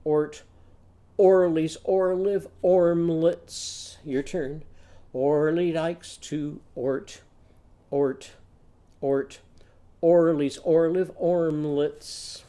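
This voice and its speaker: A teacher leading a phonics lesson for young children, chanting in a sing-song call-and-response with drawn-out vowels. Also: medium pitch, steady tone, mellow.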